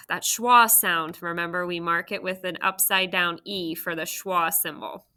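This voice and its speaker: A woman teaching a recorded phonics lesson to children, sounding out letters slowly and clearly into a computer mic. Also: on the low side, fairly even intonation, pushed and bright. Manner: slow, clear teacher talk with drawn-out sounds.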